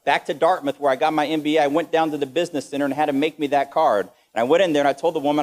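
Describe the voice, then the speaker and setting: A man's voice: fairly high pitch, steady tone, rapid-fire, few pauses. A man giving a motivational lecture with energy, quizzing the audience with questions. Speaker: motivational speaker.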